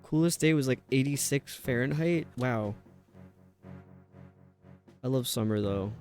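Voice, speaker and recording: Male streamer, mid-pitched, loose rambling chat over quiet game music. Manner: rambling, chatty, reads chat aloud. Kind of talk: casual chat while gaming.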